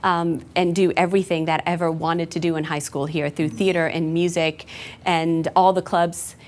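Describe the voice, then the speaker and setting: A woman's voice: lowish voice, flat delivery, normal speed, a little mellow. A woman in her forties, a school principal, answering interview questions in an earnest, reflective way with frequent fillers. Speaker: new high school principal.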